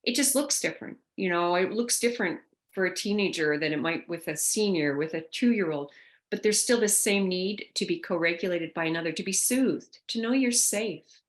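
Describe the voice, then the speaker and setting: A woman with a fairly low voice presents an online caregiver workshop at a moderate pace. She talks loosely and conversationally, thinking aloud with fillers and restarts.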